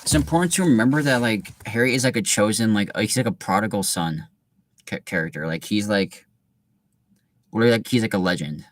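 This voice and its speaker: A man's voice: on the low side, fairly quick, no echo. A young man reading a children's novel aloud and breaking off into laid-back, filler-heavy commentary. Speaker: reader.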